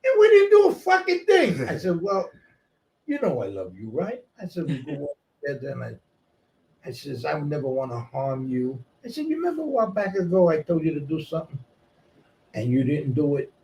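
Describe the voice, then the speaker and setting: A man telling stories casually, profane and animated, moving between shouting and murmuring. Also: fairly high pitch, brisk, creaky. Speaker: guest storyteller. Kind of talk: casual storytelling. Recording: distant mic with faint noise.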